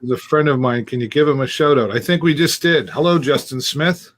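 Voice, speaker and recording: Easygoing male co-host for a casual stream, teasing, laughs often, medium pitch. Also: brisk. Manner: easygoing, teasing, chuckles a lot. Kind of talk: casual live-stream chat.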